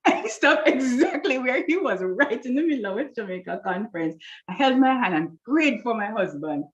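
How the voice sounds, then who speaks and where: A woman telling a lively personal story, acting out the voices of people she quotes, with a slightly dull recording. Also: fairly high pitch, brisk, hardly any pauses. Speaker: guest telling her love story. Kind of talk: animated storytelling.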